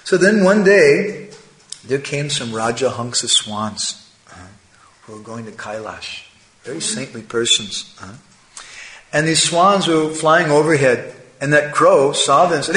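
A man telling a moral fable as part of a religious talk, animated, with frequent tag questions and chuckling asides. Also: medium pitch, unhurried. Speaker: religious storyteller. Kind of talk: sermon storytelling. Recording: echoey room.

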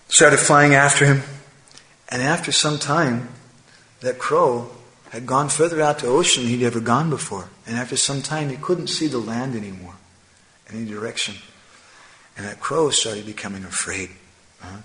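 A man telling a moral fable as part of a religious talk, animated, with frequent tag questions and chuckling asides. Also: mid-range voice. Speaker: religious storyteller. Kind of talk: sermon storytelling. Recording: echoey room.

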